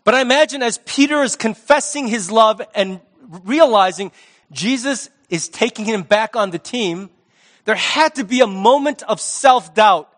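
A male pastor giving a sermon in a conversational, lively manner with sports talk. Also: high voice, a little slow.

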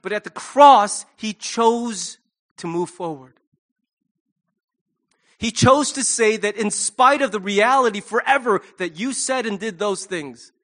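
High-voiced male pastor preaching casually. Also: pushed and bright. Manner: conversational and humorous, with acted asides. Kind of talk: sermon. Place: church.

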